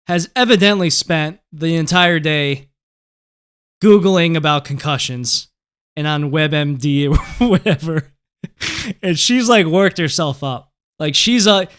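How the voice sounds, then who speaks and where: Guy hosting a news show, kinda high smooth voice, super casual, lots of "like", swears a bit. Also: fairly bright tone. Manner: rambling, filler-heavy and profane, often laughing. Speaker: crypto news show host. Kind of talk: casual commentary and storytelling.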